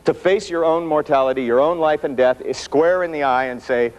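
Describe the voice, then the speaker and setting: A man giving a motivational workshop talk to an audience in a room, telling stories with self-mocking humor and dramatic pauses. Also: on the high side, muffled recording. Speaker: motivational speaker.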